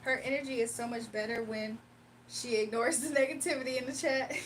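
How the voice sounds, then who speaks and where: A woman hosts a laid-back livestream, talking straight to her viewers. Her voice sits high and she laughs easily as she reads their messages out loud. She is a little off-mic, with a faint hum of the room behind her. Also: steady tone, moderate pace. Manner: chatty, laughs often, reads chat aloud. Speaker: livestream host doing readings. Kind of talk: casual livestream chat with viewers. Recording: a bit distant from the mic, faint room noise.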